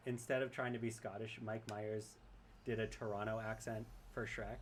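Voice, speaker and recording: A man's voice: lowish voice, little pitch movement, normal speed, a little hiss or hum. A man casually commenting on his gameplay and reading chat aloud, chatty and rambling and often laughing. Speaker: streamer.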